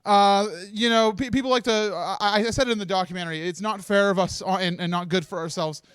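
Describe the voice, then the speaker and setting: A man giving an emotional closing speech at a livestreamed charity marathon. He talks haltingly, restarts his sentences often and laughs through tears. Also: sits high, fairly even intonation, fairly bright tone, clean tone, dry recording. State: tearful.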